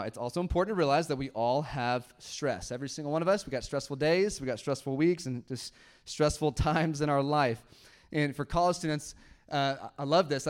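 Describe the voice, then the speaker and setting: A man's voice: fairly high pitch, smooth. A man in his thirties preaching a sermon to his church on a handheld mic, talking conversationally and joking with the congregation. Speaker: pastor. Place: church auditorium. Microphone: handheld microphone.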